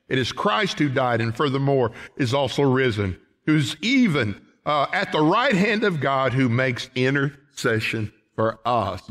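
Pastor preaching with big swings. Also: male voice, expressive, unhurried, few pauses. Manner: preaching with big swings from loud shouted lines to quiet low ones; folksy, calls the congregation folks. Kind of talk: sermon. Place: church sanctuary.

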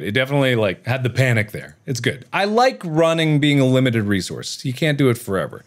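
Animated man yelping through a horror game. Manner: animated, jumpy, breaks into high yelps and shouts. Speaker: gaming video host. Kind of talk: let's play commentary. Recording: steady background noise.

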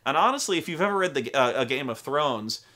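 Animated and brisk, this young man talks at a medium pitch with a sharp edge. He's hosting an informal, profane, meandering discussion of tabletop role-playing games, full of quotes he acts out.

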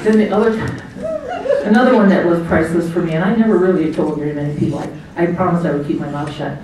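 A woman's voice: fairly low pitch, fairly even intonation, fast, warm tone, slight background noise. A middle-aged woman giving a chatty, anecdotal speech as guest of honor at her party, laughing often and acting out what people said. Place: hotel banquet room. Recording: echoey banquet hall from far off.

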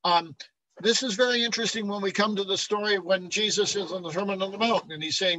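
A man's voice: high-pitched, fast talker, pushed and bright, no echo, rough recording. A man giving a classroom lecture on Bible translation, often checking in with the class and chuckling as he explains.

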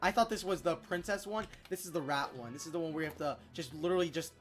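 A gameplay YouTuber giving casual let's-play commentary in an excitable, chatty way, quick to exclaim. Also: mid-range voice, soft background music.

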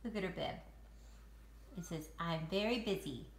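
A young woman talking baby talk to her infant, coaxing and repeating questions in a sing-song way, with calmer vlog asides. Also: lowish voice, normal speed, pauses often, slight background noise. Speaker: parent vlogger. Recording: roomy home recording.

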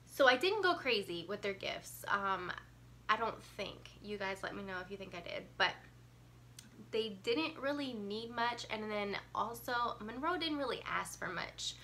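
A woman's voice: medium pitch, animated, measured pace, bright, forceful tone, slight background noise. A young woman vlogging as a mom, a bit congested from a cold and short of breath, chatting casually with lots of ums and likes. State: congested, getting over a cold. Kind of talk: casual chat to camera.

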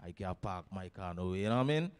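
A man talking in a rambling, low-key way in casual banter. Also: lively intonation, fast, darkish tone, clean tone.

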